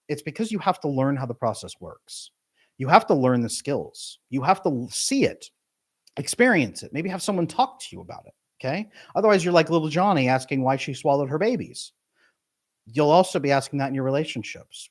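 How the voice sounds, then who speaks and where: A middle-aged man, a relationship coach, talking to his live stream audience with emphatic, jumpy pitch on key words. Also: expressive, a little fast. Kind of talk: live stream talk to chat.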